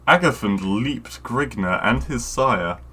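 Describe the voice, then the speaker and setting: A man co-hosting a casual podcast, reading a fantasy story aloud in a deliberate way and swearing and joking between passages. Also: medium pitch, animated, pushed and bright, slightly rough. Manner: reads deliberately, swears freely, laughs often. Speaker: podcast co-host.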